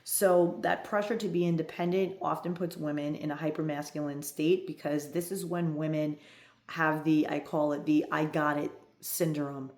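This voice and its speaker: A woman's voice: low-pitched, fairly even intonation, normal speed, darkish tone. A woman in her fifties, a love coach, talking in a direct, emphatic coaching monologue and often checking in with "right?". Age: 50s. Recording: echoey room.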